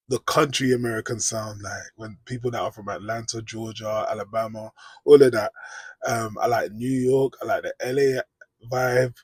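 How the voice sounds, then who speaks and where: A British man talks to camera in a loose, rambling way. He keeps asking "do you know what I mean". His voice is slightly husky, mid-pitched, and recorded close and dry. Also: no room sound. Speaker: vlogger. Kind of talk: casual reaction commentary.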